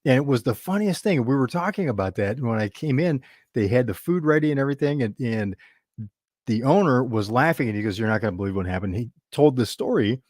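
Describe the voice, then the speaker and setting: A man's voice: mid-range voice, lively intonation, a little fast, a little mellow, dry recording, studio quality. A man hosting a business show, telling a customer-service story in a chatty, rambling way with many restarts. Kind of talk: casual talk to camera.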